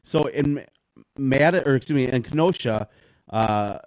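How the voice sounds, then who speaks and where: A man chatting on a talk show, telling stories in a rambling, animated way. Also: mid-range voice, unhurried, no echo, rough recording. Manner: rambling, animated storytelling with acted quotes. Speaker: guest. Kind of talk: casual talk show conversation.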